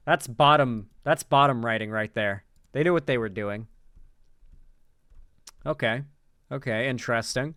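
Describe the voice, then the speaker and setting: A man's voice: mid-range voice, animated, moderate pace, long pauses, fairly bright tone, no room sound, clean studio sound. A man hosting casual political commentary, sarcastic and mocking as he reads out replies and laughs.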